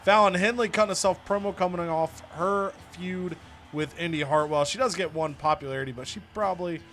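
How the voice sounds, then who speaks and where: A man hosting casual gaming commentary, excitedly recapping match results with bursts of loud laughter. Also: high voice, brisk. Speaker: host.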